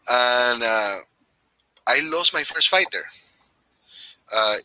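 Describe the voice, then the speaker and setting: A man's voice: medium pitch, animated, slow pace, pushed and bright, no room sound, poor audio. A middle-aged man, a podcast guest, telling his fight story in a casual interview, with many restarts and acted-out quotes.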